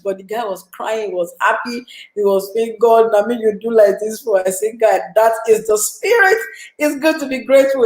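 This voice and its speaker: A woman's voice: mid-range voice, echoey room, rough recording. A woman with a Nigerian accent hosting a casual live stream, chatting and reading out viewer comments. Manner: chatty, animated, asks viewers questions. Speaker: live-stream show host.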